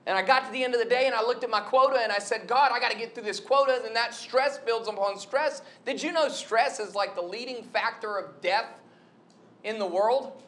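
This young adult man's voice is extremely high and brisk. He's a preacher delivering a conversational sermon built on stories and told with animated retelling.

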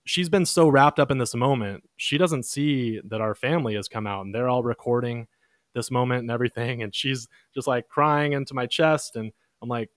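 A young man hosting a podcast, casually telling a long story in a relaxed, chatty way and lifting his voice when he quotes others. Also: mid-range voice, moderate pace, no echo, studio quality. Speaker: podcast host.

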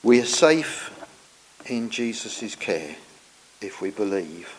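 A man preaching a sermon, earnest and explanatory, often trailing off softer at the ends of phrases. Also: fairly low pitch, big pitch swings, slow. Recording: long church reverb.

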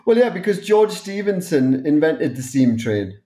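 A man's voice: fairly high pitch, very animated, normal speed, dark tone. A man from Newcastle, co-hosting a podcast in a chatty, jokey way with many restarts. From Newcastle, England. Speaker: podcast co-host. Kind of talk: casual podcast chat.

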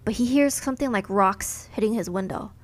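A young woman tells a ghost story on a podcast, talking casually and loosely, with plenty of fillers. Her voice sits at an ordinary middle pitch. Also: fairly quick. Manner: chatty retelling full of "like" and "you know". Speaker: podcast co-host.

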